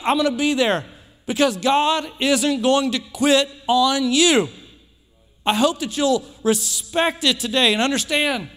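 A man preaching a sermon in a church, emphatic and repetitive, building phrases up toward shouts. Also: very high-pitched, long reverb tail. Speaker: pastor. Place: church sanctuary.

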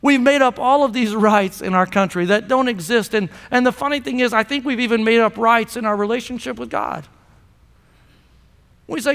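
A man's voice: extremely high pitch, moderate pace, gravelly, a bit bright, clear, resonant tone. A man preaching a sermon as pastor, emphatic and calling out to the congregation for a response. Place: church sanctuary. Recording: long reverb of a large hall.

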